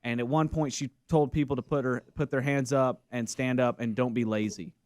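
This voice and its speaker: A man's voice: mid-range voice, steady tone, a little fast, darkish tone, dry recording, studio quality. A man on a radio talk show, chatty, recounting a story casually. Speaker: radio co-host.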